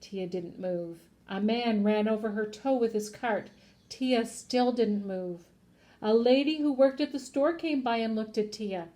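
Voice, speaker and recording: A woman's voice: a little high, measured pace. A woman teacher reading a children's picture book aloud, acting out the characters and asking her listeners questions. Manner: expressive, acts out voices, asks listeners questions. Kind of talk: children's storybook read-aloud.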